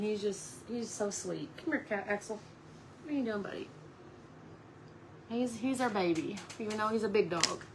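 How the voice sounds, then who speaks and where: A woman's voice: mid-range voice, background noise. A woman chatting casually on a live craft stream from home, cooing at her dog between talk about her painting.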